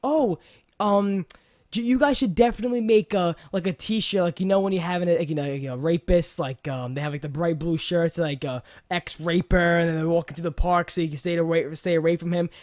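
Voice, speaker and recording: Podcast host, man, New York accent, animated rambler, dry close sound. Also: fairly high pitch, brisk, no echo. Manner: animated, rambling, laughs often. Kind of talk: casual chat.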